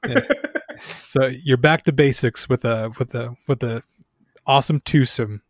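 A man's voice: mid-range voice, unhurried, no room sound, studio quality. A man co-hosting a podcast in casual chat, speaking hesitantly with many fillers. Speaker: podcast co-host.

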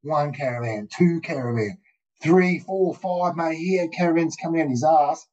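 A man with an Australian accent spins loose, animated stories, swearing freely and calling the listener "mate". His voice sits a touch high for a man. The audio is muffled and lo-fi. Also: moderate pace. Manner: rambling, profane, animated anecdotes, frequent "mate" and "dude". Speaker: guest, skydiver. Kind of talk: casual storytelling.

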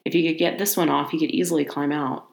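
A woman reading a horror story aloud in steady narration, now and then adding a casual aside of her own. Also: low-pitched, quick pace, vocal fry, roomy sound.

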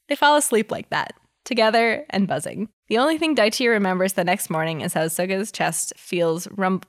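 A woman reading fan fiction aloud in a casual way, giggling often and breaking in with chatty asides. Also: on the low side. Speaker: reader.

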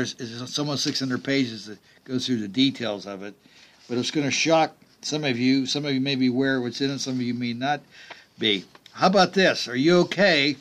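A man's voice: mid-range voice, a bit bright. A middle-aged man hosting a political talk radio show, delivering emphatic commentary with sarcastic, mocking asides.

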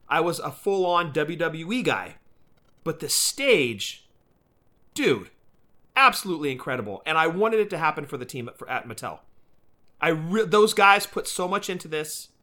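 An enthusiastic man co-hosting a casual podcast, tossing in "dude" as he talks. His voice is bright and forceful. It sits somewhat high for a man. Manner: enthusiastic, says "dude" a lot. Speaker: podcast co-host.

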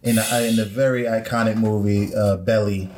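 A young man from the Caribbean hosting a casual podcast chat, relaxed and easygoing with plenty of fillers. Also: on the low side, normal speed. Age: young adult. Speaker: podcast host. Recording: roomy echo.

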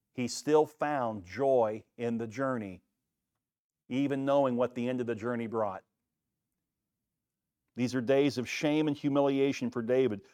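Man preaching with slow emphatic pauses. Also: medium pitch, darkish tone, no room sound, clean studio sound. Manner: reads quoted passages with rising force, preaches with slow emphatic pauses. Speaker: pastor. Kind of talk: sermon with Bible reading.

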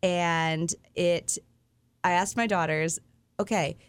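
A woman in her thirties chats easily on morning radio and laughs often through her stories. Her voice sits a little low for a woman, with an easy, friendly flow. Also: normal speed. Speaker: co-host. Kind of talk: casual morning radio chat.

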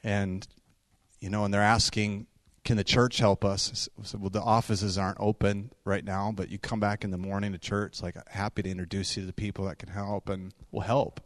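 A man's voice: fairly low pitch, no room sound, studio quality. Man preaching in a storytelling voice. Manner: conversational, animated storytelling with quick asides and laughs. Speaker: pastor. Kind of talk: sermon storytelling.

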